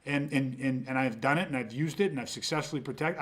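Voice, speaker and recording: This middle-aged podcast host talks fast in a medium-pitched, slightly bright voice. In casual podcast conversation he's intense and swears often, restarting frequently and repeating words at the start of sentences as he builds a point.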